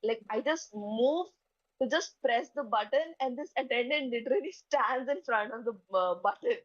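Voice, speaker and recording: A woman's voice: a little high, moderate pace, no echo, highs cut off. Chatty young woman storyteller. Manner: chatty, peppers speech with "like" and "okay", acts out dialogue. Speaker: streamer telling a story. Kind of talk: casual storytelling chat.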